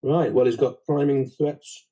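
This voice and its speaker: A man giving calm, measured live game commentary in a husky voice. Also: mid-range voice. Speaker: backgammon commentator. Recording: dull, muffled sound.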